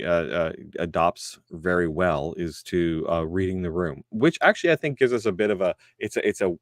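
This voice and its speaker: A very deep-voiced man speaks as a guest in an interview, earnest and measured. His sound is close and dry, with some hesitant fillers. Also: dry recording. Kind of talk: interview conversation.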